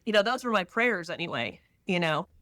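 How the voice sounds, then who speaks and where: Bright clear-voiced woman from texas, middle-aged, chatty and animated on a podcast. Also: fairly low pitch, a little fast, no echo. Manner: animated storyteller, slips into quoted voices. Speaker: podcast guest. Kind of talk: casual conversational interview.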